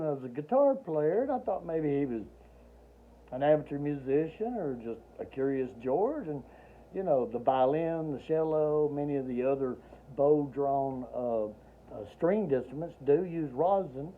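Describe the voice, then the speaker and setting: A man's voice: fairly high pitch, expressive, moderate pace, slight background noise. A man, an Army veteran telling a personal story in a rambling way, acting out the voices he quotes with dry humor. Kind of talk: casual spoken storytelling. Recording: tinny phone-like audio.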